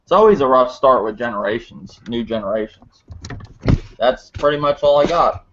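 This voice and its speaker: A man's voice: medium pitch, expressive, moderate pace, noisy background. A man co-hosting a casual podcast who rambles with many fillers. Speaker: podcast co-host. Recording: muffled lo-fi audio.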